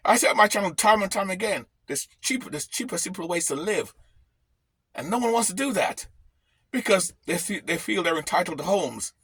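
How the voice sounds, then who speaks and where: A man's voice: high-pitched, sharp tone, breathy edge, dry recording. A man ranting bluntly on his vlog from his camper van, swearing freely. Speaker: vlogger.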